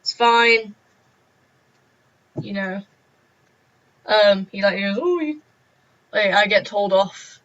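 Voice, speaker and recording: A woman's voice: mid-range voice, flat delivery, takes it slowly, long pauses, a bit bright. A teenage girl telling a story in a chatty vlog, acting out the people she quotes. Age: teens. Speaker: vlogger. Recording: dull lo-fi recording.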